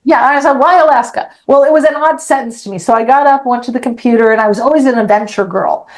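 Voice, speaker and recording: Frank, animated middle-aged woman storyteller. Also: on the high side, fast talker, rough recording. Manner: animated, acts out dialogue, frank and blunt. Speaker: podcast guest. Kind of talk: personal storytelling in an interview.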